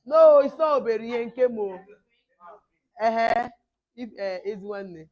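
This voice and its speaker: A middle-aged woman with a hoarse voice, leading children at a camp in lively call-and-response. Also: on the high side, slow pace, muffled recording. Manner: animated, call-and-response, mixing two languages. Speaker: camp teacher.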